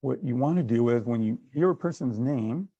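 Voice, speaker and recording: A man's voice: medium pitch, lively intonation, normal speed, dark tone, slightly rough, no room sound, muffled recording. A man giving a sales training workshop, conversational, acting out little exchanges as he goes. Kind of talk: workshop talk.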